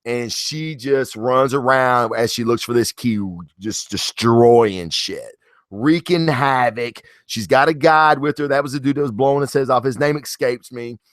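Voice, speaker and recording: A man's voice: mid-range voice, measured pace, no echo, studio quality. A man giving a casual comic book review, rambling and enthusiastic, with lots of swearing and false starts. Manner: rambling, profane, enthusiastic, many restarts.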